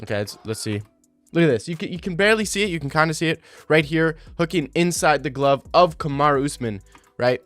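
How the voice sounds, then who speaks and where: Brief: young male commentator in his twenties, animated, mocking, light music in the background. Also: fairly high pitch, fairly quick, no room sound. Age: 20s. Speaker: video commentator. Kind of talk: casual commentary over fight replays.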